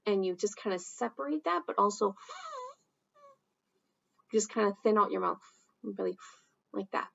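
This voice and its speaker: A woman teaching sign language in a casual, relaxed way, with lots of fillers. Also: mid-range voice, vocal fry, lo-fi sound. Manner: slow, relaxed, with many fillers and acted example phrases. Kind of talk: casual instructional talk.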